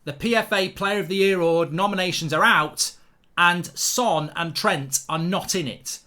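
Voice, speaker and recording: A man's voice: high-pitched, moderate pace, sharp tone. A man from England, a football pundit, ranting in an indignant reaction monologue, repeating himself and stammering over restarts.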